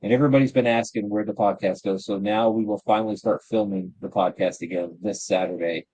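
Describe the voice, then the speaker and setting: A man's voice: lowish voice, steady tone, fairly quick, dark tone, no echo, poor audio. A man chatting as a guest creator in a playful, upbeat way. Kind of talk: casual chat.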